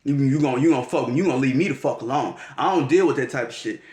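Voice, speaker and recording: A man's voice: medium pitch, fast, darkish tone, reverberant. A man giving a slangy, profane, rambling casual monologue as an astrology vlogger.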